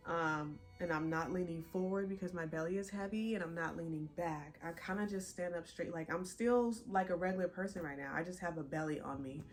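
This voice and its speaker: A young woman vlogger chatting casually to her viewers, a bit out of breath and animated. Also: on the low side, a little fast, few pauses, soft background music. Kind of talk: casual chat to camera.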